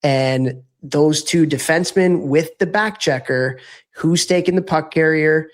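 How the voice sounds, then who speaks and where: A man's voice: fairly high pitch, unhurried. A man co-hosting a podcast, chatting casually about hockey tactics and correcting himself often as he explains. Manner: rambling, self-correcting, explanatory. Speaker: podcast co-host.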